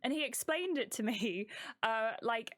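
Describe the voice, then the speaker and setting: A woman's voice: fairly high pitch, animated, measured pace. A young British woman streamer telling a story in a casual, rambling way to her live chat, with many fillers and restarts.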